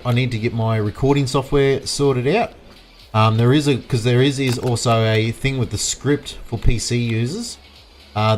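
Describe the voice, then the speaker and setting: Australian man, casual live game commentary, rambling and chatty, mid-pitched voice, faint engine noise behind. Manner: chatty, rambling, talks to chat viewers. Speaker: livestream gamer.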